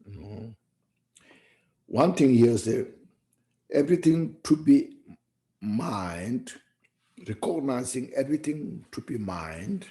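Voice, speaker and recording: A male Buddhist teacher delivers a Dharma talk at a slow, deliberate pace. His voice has a gravelly, creaky edge. He speaks reflectively and keeps tagging his points with "you see" and "you know.". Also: medium pitch, expressive, mellow.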